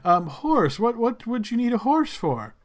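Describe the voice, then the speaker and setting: A man's voice: extremely high pitch, big pitch swings, a little slow, pitched above the performer's own voice, full character voice. A man voicing a nervous, overly polite male servant in a tabletop game, stammering and apologizing. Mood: flustered.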